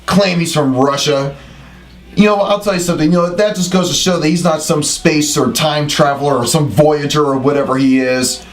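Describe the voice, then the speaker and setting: A man co-hosting a wrestling recap in a slightly high voice. He teases and bickers, and he keeps mangling a guest's name for laughs. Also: steady tone, normal speed. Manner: playful, mangles names. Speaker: co-host.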